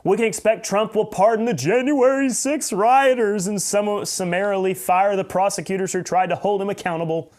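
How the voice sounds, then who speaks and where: A podcast host with a voice a bit higher than most men, reading news aloud and cutting in with sarcastic, mocking remarks. He stumbles and restarts often, repeating words as he goes. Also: normal speed, hardly any pauses, a little mellow. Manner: sarcastic, mocking asides with laughs.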